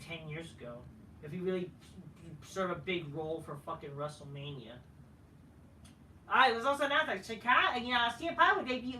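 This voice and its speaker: A man's voice: high voice, bright, forceful tone. A man giving a casual ranting review of a wrestling show, profane, dismissive and rambling. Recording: roomy, faint noise, from a distance.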